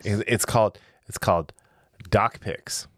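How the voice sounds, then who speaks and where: A man's voice: on the low side, unhurried, fairly bright tone, dry recording, clean studio sound. A man hosting a podcast in casual chat, rambling and joking with frequent restarts. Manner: joking, rambling, self-interrupting. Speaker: podcast host.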